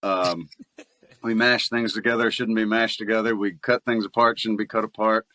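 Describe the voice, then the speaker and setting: A man's voice: on the low side, little pitch movement, normal speed, sharp tone, no echo. A man with a Southern US accent, a voice actor chatting casually as an interview guest and laughing often.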